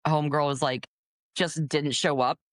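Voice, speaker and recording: Young woman podcast host, low-ish voice, lively storytelling, dry close mic. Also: normal speed, no echo. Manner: animated storytelling, swearing, laughing. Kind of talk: casual chat.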